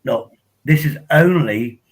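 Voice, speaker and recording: A man's voice: mid-range voice, lively intonation, slow, breathy edge, poor audio. An older man, chatting casually and rambling on a live stream from home at his laptop.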